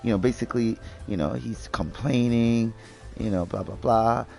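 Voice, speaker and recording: A man's voice: medium pitch, moderate pace, gravelly, a little mellow, faint music behind. A young man chatting casually while gaming, rambling with lots of fillers and swearing freely. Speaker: gaming video host.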